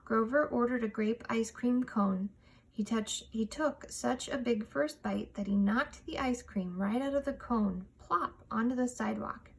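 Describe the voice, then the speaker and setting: A woman reading a children's picture book aloud, expressive and measured. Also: fairly high pitch, vocal fry, husky. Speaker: storytime reader.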